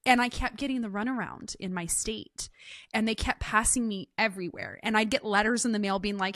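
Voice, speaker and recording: Woman host, casual interview, animated storyteller, dry close sound. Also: mid-range voice, fairly quick, no echo. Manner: animated storyteller, acts out quoted voices.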